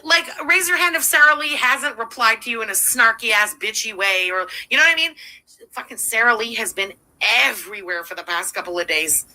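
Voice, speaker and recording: Bright, high-voiced ranting woman streamer. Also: a little fast, poor audio. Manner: profane, sarcastic ranting. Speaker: livestream host. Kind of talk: livestream commentary.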